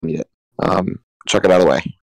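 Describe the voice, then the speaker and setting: Man, tabletop player, low pitch, dry sound; halting, planning aloud. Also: gravelly, dry recording, low-quality recording. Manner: hesitant, many restarts. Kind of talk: casual tabletop play chat.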